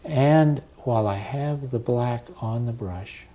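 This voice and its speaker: A man teaching an oil portrait step by step, talking calmly with pauses while he paints. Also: medium pitch. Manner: slow, unhurried and calm, with pauses while working. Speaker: painting instructor.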